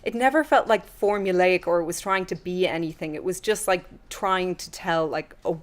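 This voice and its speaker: A woman's voice: fairly low pitch, moderate pace. A woman reviewing films in a casual panel chat, gushing and full of fillers. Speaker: film reviewer.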